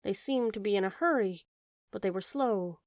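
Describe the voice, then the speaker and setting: A woman reading an old fairy tale aloud in a gentle, measured way. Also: medium pitch, no echo, studio quality. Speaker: audiobook narrator. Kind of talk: storybook narration.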